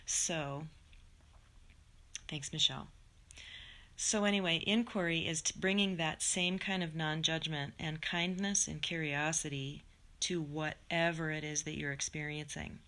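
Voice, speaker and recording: A middle-aged woman teaching a live-streamed meditation class, chatty and animated, then guiding slowly and gently. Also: deep voice. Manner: chatty and animated, laughing, then slow soothing guidance. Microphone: phone or computer mic.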